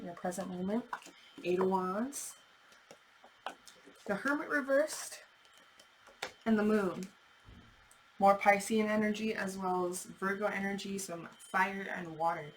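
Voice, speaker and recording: A woman's voice: medium pitch, noisy background. A woman giving a casual tarot reading, chatty and thinking aloud, with the odd swear word. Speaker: tarot reader.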